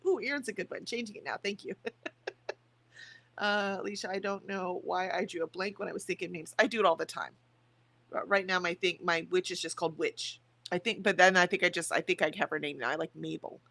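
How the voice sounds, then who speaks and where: Woman with a rough morning voice. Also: mid-range voice, a bit bright. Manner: chatty, reads viewer comments aloud with small laughs. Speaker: streamer hosting writing sprints. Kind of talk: casual livestream chat, reading chat aloud.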